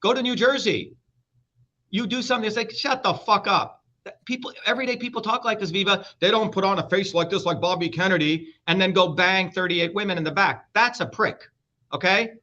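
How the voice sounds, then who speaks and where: A middle-aged man argues as an interview guest, blunt and profane, cutting across his host. His voice is bright and forceful and sits a little high. The sound is dull and lo-fi. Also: a little fast. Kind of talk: heated interview talk.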